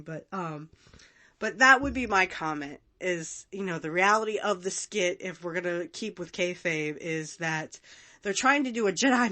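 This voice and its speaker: A woman's voice: on the low side, pushed and bright. A woman hosting a casual watch-along podcast, chatty and rambling, often breaking into laughs. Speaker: podcast host.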